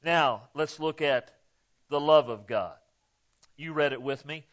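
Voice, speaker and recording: A man delivers a sermon at an unhurried, deliberate pace, his voice sitting a bit high for a man. He talks to the congregation in a folksy way, tags his points with "okay?" and swings from hushed asides to loud, stressed peaks. The recording sounds a little dull and lo-fi. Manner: folksy and emphatic, punctuating with "okay?". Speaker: pastor.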